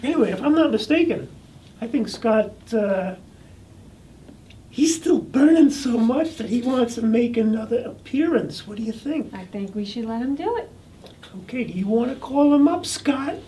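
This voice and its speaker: A woman's voice: a little high, lively intonation, normal speed, dark tone, recorded from a distance, a little hiss or hum. A woman co-hosting a casual talk show, upbeat and cheering.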